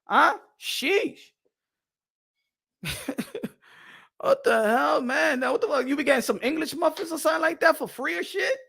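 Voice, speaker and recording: High, sharp-voiced man ranting hotly. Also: expressive, normal speed, gravelly, pauses often. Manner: heated, profane, mocking, with frequent laughs. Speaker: boxing commentary host. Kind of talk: opinionated rant to camera.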